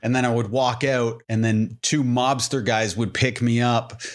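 Casual, animated male storyteller. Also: mid-range voice, measured pace. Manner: animated storyteller who acts out quotes. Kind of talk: casual chat.

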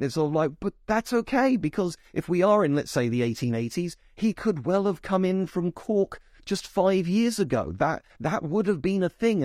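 A man's voice: medium pitch, a little mellow, dry recording. Man, from England, film reviewer, casual chat, asides and restarts, dry close mic. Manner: chatty, restarts often, explains with asides.

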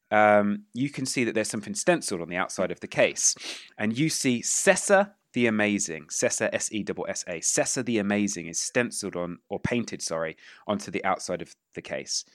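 A man's voice: fairly low pitch, fairly bright tone, no echo, studio quality. A man narrating as game master with loose, hesitant phrasing.

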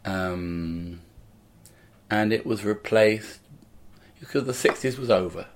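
A man's voice: on the low side, slow pace. Older man telling rambling stories. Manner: rambling, anecdotal storytelling. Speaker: guest comedian and musician. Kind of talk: casual interview chat.

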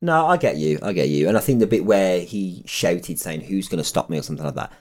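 A man co-hosting a podcast, relaxed and chatty, often laughing and restarting his sentences. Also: deep voice, fast. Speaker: podcast co-host. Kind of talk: casual chat.

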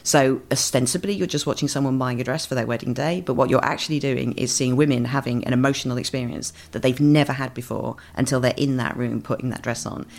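A woman writer talking as a podcast guest in a lively way, acting out quoted voices. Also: extremely low pitch, fast, vocal fry, hardly any pauses. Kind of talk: animated podcast chat.

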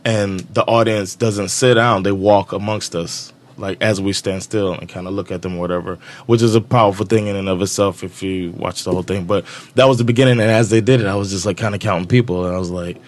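A man from Miami hosting a casual podcast, telling animated, teasing stories with plenty of laughter. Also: fairly low pitch, fast talker, hardly any pauses. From Miami, Florida. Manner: animated, laughing storyteller who teases. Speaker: podcast host.

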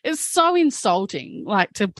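A woman's voice: medium pitch, big pitch swings, a little slow, a bit bright, no room sound. A woman speaking as a guest, telling a personal story candidly, with frequent fillers and some swearing. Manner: frank, swears, many fillers like "like" and "um".

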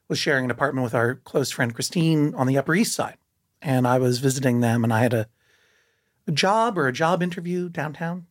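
A man telling a personal story in casual conversation, lively and full of restarts, jumping up in pitch for emphasis. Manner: animated, many restarts, jumps up in pitch for emphasis.

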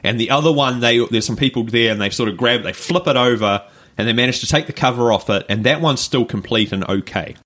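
A man's voice: medium pitch, fast talker, a bit bright. Male podcast co-host, New Zealand accent, mid-range voice, loose anecdotal delivery. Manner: rambling anecdotes with fillers and laughs. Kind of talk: casual chat, storytelling.

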